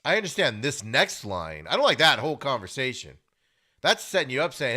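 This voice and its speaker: A man hosting a sports podcast, giving opinionated casual commentary and getting loud and high when worked up. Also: huge pitch swings, a little fast. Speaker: podcast host. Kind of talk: casual sports talk monologue.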